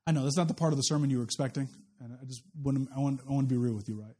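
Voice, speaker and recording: A man's voice: medium pitch, rapid-fire, warm tone, breathy edge. A man pastor preaching a sermon in a conversational, story-telling way, often repeating and restarting words, with self-deprecating humor.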